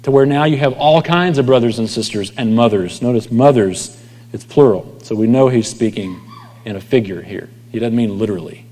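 A man delivers a sermon in a relaxed, conversational tone. His voice sits in an ordinary middle register and sometimes drops to almost a whisper at the ends of phrases. The sound carries a long reverb from a large room. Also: medium pitch, a little fast. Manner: conversational preaching, dropping to near whispers at line ends. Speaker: pastor.

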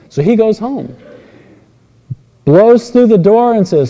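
Lively preacher man in a reverbing hall. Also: high voice, moderate pace, dull audio. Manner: animated storytelling with voiced characters. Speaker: pastor. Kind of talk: expository sermon. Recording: long reverb in a large hall.

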